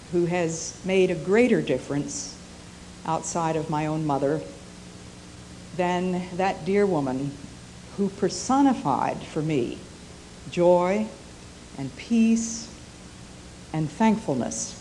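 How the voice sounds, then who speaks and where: An older woman preaching a sermon through personal storytelling, speaking in a measured, earnest and reflective way. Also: fairly low pitch, mellow, a little hiss or hum, rough recording.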